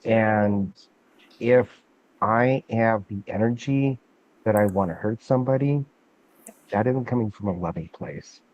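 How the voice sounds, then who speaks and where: A man in a casual group talk, speaking haltingly and stumbling over his words. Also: fairly low pitch, dry recording. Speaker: discussion participant. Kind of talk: casual chat. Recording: dull lo-fi sound.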